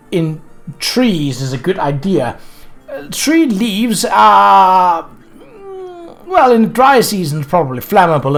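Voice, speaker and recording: A gamer commentating a playthrough with playful, wry asides and reading the game's lines aloud. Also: mid-range voice. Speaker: let's play host. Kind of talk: casual game commentary, reading dialogue aloud.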